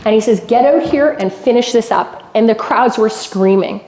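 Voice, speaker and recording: A woman from Canada with a fairly high voice delivers a motivational speech and tells her story with emphatic repetition. The sound carries the echo of a large event room. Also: normal speed, mellow. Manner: emphatic storytelling, repeats lines for effect. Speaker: keynote speaker. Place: golf club event hall.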